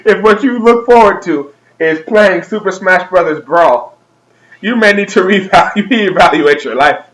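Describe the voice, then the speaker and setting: A man's voice: sits high, moderate pace, fairly bright tone, poor audio. Young man ranting, profane and comic. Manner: profane, exaggerated, laughing rant. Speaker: vlogger. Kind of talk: comedic rant vlog.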